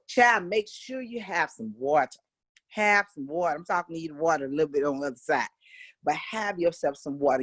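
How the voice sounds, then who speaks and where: A middle-aged woman with an American accent teaching a casual voice lesson, animated and coaxing, chatting straight to her students. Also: low voice, breathy edge. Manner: animated, coaxing, demonstrates exercises aloud. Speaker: vocal coach.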